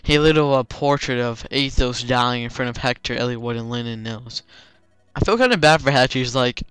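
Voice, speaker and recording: A man's voice: medium pitch, fairly bright tone, clear, resonant tone, no room sound. A young man giving casual let's play commentary, rambling with lots of fillers like "like" and "you know.".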